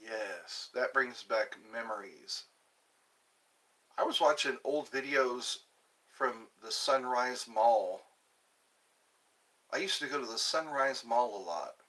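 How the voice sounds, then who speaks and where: A middle-aged man from the United States hosting a casual livestream, slowly rambling and reading out viewer comments. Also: medium pitch, pushed and bright. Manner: slow, rambling, chatty. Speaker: livestream host.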